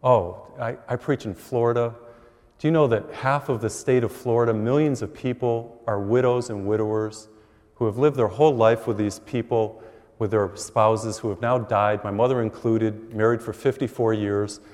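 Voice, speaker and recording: A middle-aged priest preaches to a congregation, telling stories with lively rises and drops. His voice sits at an ordinary male pitch. A long hall reverb trails behind every phrase. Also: moderate pace. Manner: animated storytelling with acted quotes. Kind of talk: sermon. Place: large church.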